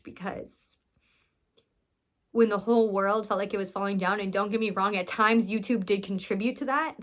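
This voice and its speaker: This is a vlogger and business owner, a young woman, earnestly and emotionally addressing her audience in a casual, heartfelt chat to camera. Her tone stays steady in a mid-range voice at normal speed, and she pauses often while rambling and starting over.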